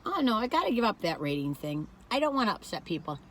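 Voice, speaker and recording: A woman's voice: mid-range voice, very animated, fast talker, a bit bright, a little hiss or hum. A woman from the northern United States chatting emphatically and rambling while taste-testing a dessert for her vlog. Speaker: vlogger. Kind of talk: casual food review chat.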